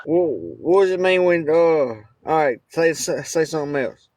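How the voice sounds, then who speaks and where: A man's voice: on the high side, lively intonation, a little mellow. A man swearing and joking casually with friends on a livestream. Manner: profane, joking, quick to tease. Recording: livestream call audio.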